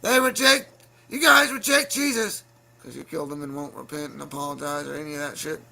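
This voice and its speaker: A man hosting a livestream, delivering a heated, profane solo rant that keeps breaking into shouting. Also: fairly high pitch, fairly quick, creaky. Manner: angry, profane, bursts into shouting. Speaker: livestream show host.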